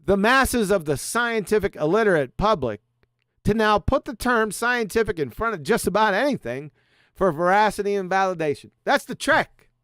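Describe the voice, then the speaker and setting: A man's voice: high voice, animated, normal speed, a bit bright, smooth, no echo, studio quality. A middle-aged man hosting a livestream, lecturing sarcastically and firing off rhetorical questions. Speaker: show host. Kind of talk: lecture-style livestream monologue.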